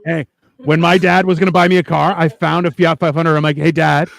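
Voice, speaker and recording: A man in casual podcast banter, telling animated stories and acting out the dialogue. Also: fairly high pitch, fairly quick, gravelly. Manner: animated storytelling, acts out dialogue. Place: small studio.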